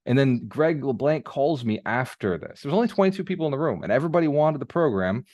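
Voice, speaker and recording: A man's voice: mid-range voice, fast talker, no echo, clean studio sound. A man mentoring a group on a live coaching call, telling stories casually and prompting the audience with repeated phrases. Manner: conversational storyteller, animated, casual swearing. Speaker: business mentor. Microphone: video call microphone.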